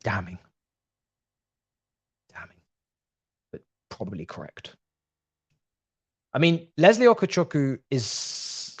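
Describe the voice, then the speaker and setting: A man's voice: mid-range voice, husky, dry recording. A man hosting a live football watch-along, talking straight to his viewers as a passionate fan.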